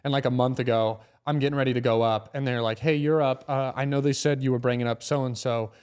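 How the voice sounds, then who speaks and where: A young male comedian tells stories on a podcast in a loose, casual way. He is animated and swears freely, and he slips into the voices of the people in his stories. His voice sits at a middle pitch. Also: quick pace, clean tone. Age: young adult. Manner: animated, swearing, acts out quotes. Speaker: guest comedian.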